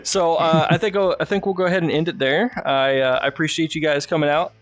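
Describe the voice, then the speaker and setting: A man's voice: a little high, steady tone, fast, no echo. Laid-back young man hosting a podcast. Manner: rambling storyteller, swears freely, laughs often. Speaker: podcast host. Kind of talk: casual chat.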